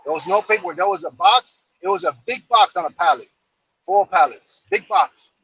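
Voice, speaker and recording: A man's voice: high-pitched, animated, normal speed, gravelly, a bit bright, highs cut off, slight background noise. A man from New York casually telling a long, rambling story, full of fillers and repeated phrases.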